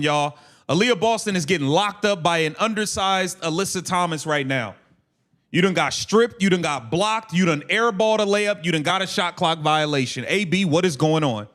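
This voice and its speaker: A man with a high, light voice calls the action on his livestream. He fires off quick, clipped play calls, then turns brash and mocking, swearing and laughing at the players. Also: expressive, fairly bright tone. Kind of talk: casual play-by-play commentary.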